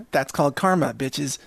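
Male host, sarcastic ranter, higher register, dead-dry room. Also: takes it slowly, vocal fry, a bit bright, breathy edge, dry recording. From Southern US. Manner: sarcastic, chuckling between jabs. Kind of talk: ranting monologue.

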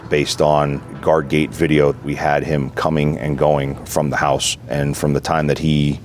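A man's voice: very deep voice, flat delivery, measured pace, soft background music. A male detective explaining the case matter-of-factly in a news interview.

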